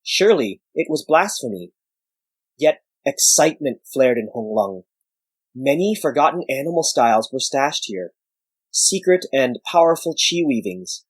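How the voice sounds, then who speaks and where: Guy reading a story, even and measured, dry close mic. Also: mid-range voice, breathy edge, no room sound, rough recording. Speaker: narrator. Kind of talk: scripted audiobook narration.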